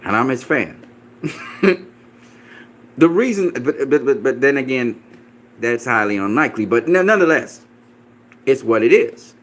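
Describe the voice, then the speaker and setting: A man on a fired-up rant, cursing freely and brushing off every argument with scorn. His voice sits in an ordinary middle pitch, and he keeps hammering the same points with mocking laughs. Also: animated, a little slow, pauses often. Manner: profane, combative, dismissive; repeats himself, laughs mockingly. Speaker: boxing commentator. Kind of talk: ranting reaction video.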